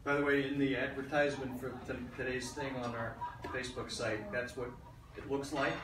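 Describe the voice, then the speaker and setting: A man's voice: medium pitch, level tone, brisk. A man at a business lunch event, adding brief supportive remarks about the event. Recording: roomy, distant mic, noisy.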